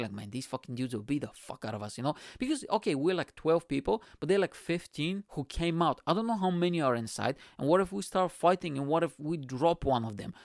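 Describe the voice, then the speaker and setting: A man from Bulgaria with a Bulgarian accent, hosting his own show and telling a profane, animated story in casual chat. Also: fairly high pitch, dry recording, clean studio sound. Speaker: podcast host.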